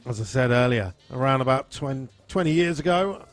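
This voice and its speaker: An easygoing man in his forties chats his way through a live stream, rambling between stories and viewer shout-outs. Faint music plays softly behind him. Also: medium pitch, expressive, normal speed. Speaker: live-stream host at a drag racing venue. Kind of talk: casual live-stream chat reading viewer comments.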